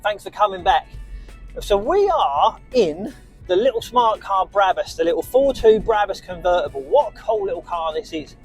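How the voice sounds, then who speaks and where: A man's voice: sits high, expressive, normal speed, breathy edge, faint music behind. A man, chatting casually and upbeat to his viewers while driving a small car. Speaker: car dealer vlogger.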